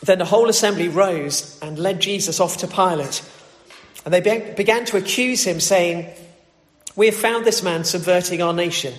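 A man with a high voice reads scripture and then preaches. He talks loosely, with plenty of fillers and restarts. The recording is echoey, with a long reverb from a church hall. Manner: conversational with many fillers and restarts. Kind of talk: scripture reading and sermon.

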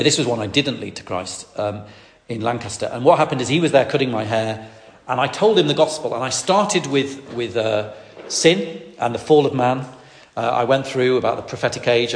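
A man from northwest England, an evangelist teaching in a rambling storytelling way with many restarts. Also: mid-range voice. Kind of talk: sermon teaching. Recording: echoey hall.

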